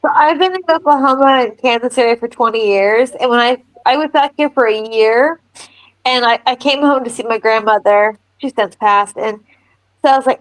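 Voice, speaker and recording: A woman's voice: fairly high pitch, brisk, no room sound, low-quality recording. A woman co-hosting a live podcast, telling stories and laughing a lot. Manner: giggly storyteller, laughs a lot. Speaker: podcast co-host. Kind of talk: casual chat on a live stream.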